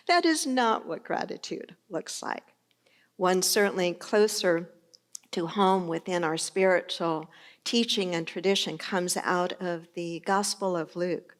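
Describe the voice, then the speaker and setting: A woman's voice: on the low side, unhurried. A middle-aged woman pastor giving a sermon in a conversational, storytelling manner.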